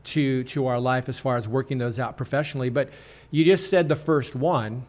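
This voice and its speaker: A man's voice: medium pitch, steady tone, moderate pace, darkish tone. A chatty man hosts a podcast conversation in a mid-range voice. He tells stories with frequent restarts and keeps the exchange moving with his guest. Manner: chatty, laughs while telling stories, self-interrupting. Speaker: podcast host.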